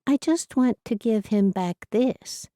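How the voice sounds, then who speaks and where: A woman's voice: fairly high pitch, lively intonation, slow, dark tone, no echo, clean studio sound, voice pushed up. A woman voicing an elderly Amish widow, talking in an earnest, plaintive way. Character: elderly Amish widow, flustered but stubborn.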